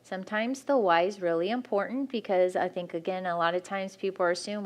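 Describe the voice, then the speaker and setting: A woman's voice: fairly low pitch, moderate pace. A woman speaking frankly and practically at a church marriage workshop, teaching couples.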